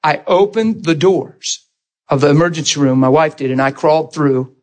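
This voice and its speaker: A middle-aged preacher with a somewhat high voice recounts his testimony from the pulpit at a normal pace. The telling is lively, with acted-out voices and frequent laughter.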